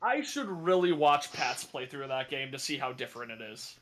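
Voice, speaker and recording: A man chatting casually on a podcast, excitable and swearing, often laughing. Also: mid-range voice, normal speed, slight background noise. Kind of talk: casual chat.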